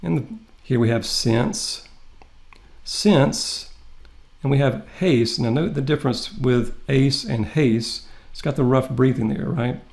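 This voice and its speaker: A man teaching a Greek translation lesson. He explains the grammar step by step and reads the Greek aloud slowly. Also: mid-range voice. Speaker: Greek instructor. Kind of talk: classroom lecture.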